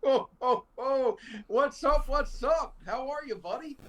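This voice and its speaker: Santa Claus, a hyped-up dude. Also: male voice, very high-pitched, a little slow. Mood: excited. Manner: excitable slangy surfer-dude talk. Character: laid-back bro-ish Santa Claus, jolly old man. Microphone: remote video call.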